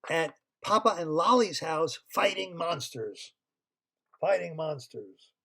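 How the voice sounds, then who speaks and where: An older man telling an improvised children's story over a computer call, pausing to quiz his listeners with multiple-choice questions in a playful, chatty way. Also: fairly high pitch, expressive, bright, forceful tone. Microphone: computer mic on a video call.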